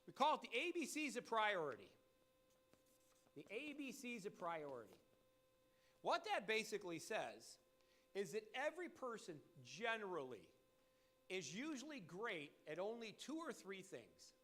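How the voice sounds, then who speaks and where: A man giving a motivational sales training talk, animated and emphatic, repeating his key points. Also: high voice, unhurried.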